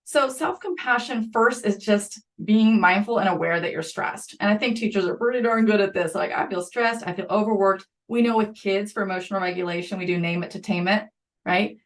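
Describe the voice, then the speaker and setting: In a podcast interview, a middle-aged woman who works as a school psychologist talks in a mid-range voice. She's lively and conversational, dropping in quick asides.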